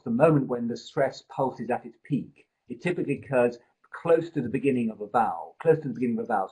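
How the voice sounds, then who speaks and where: A man tutors a live online pronunciation seminar through a computer mic, explaining at length and thinking aloud with restarts. His voice is medium-pitched, warm and husky. The recording quality is low.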